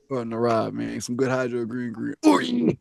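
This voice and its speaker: A man co-hosting a comedy podcast, telling an animated story, laughing often and acting out each character. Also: mid-range voice, a little fast, vocal fry, crowd noise. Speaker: podcast co-host.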